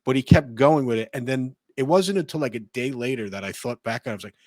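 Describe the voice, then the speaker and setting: A man's voice: medium pitch, fast, darkish tone, dry recording, studio quality. Man rambling through a profane story. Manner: rambling, profane, laughs through his stories. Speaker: podcast co-host. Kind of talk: casual chat.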